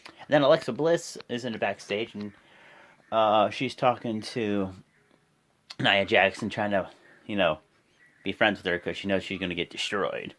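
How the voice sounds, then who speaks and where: A man's voice: fairly low pitch, moderate pace, long pauses, fairly bright tone. A man giving a casual, rambling play-by-play recap. He corrects himself often and acts out the quotes. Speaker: wrestling show reviewer.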